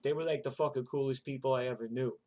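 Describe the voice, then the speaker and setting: A man's voice: medium pitch, fairly even intonation, quick pace, warm tone, a little hiss or hum. A man tells his life story in a rambling, profane way, full of "like" and "you know". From New York. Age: 60s. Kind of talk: casual spoken memoir.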